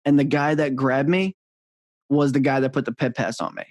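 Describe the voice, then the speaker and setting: A man who works as a radio on-air personality, telling concert anecdotes in relaxed podcast chat and laughing easily. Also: mid-range voice, normal speed, no echo.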